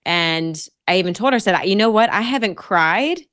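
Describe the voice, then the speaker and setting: A woman's voice: mid-range voice, lively intonation, normal speed, a bit bright, no room sound, studio quality. A woman guest on a podcast, telling a personal story casually and acting out her own quotes.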